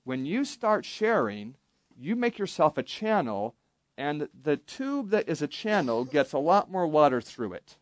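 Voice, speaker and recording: A slightly high, sing-song male voice moves at a measured pace in a dry recording. He's a camp Bible teacher running an interactive lesson for young campers, posing questions and leading call-and-response.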